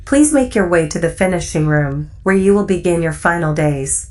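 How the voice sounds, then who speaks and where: A man voicing a robotic facility intercom that speaks in a flat monotone drawl. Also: fairly high pitch, normal speed, voice pushed up, natural voice. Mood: mechanical.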